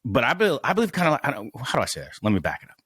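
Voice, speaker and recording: A man's voice: medium pitch, wildly swooping pitch, very fast, fairly bright tone, breathy edge, no room sound. A young man in his twenties chatting as a podcast guest, rambling and searching for words as he goes. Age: 20s. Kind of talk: casual podcast chat.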